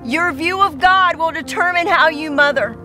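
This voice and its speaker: A woman's voice: very high voice, normal speed, sharp tone, soft background music. A woman pastor preaching a sermon to mothers, earnest and repetitive as she tells stories.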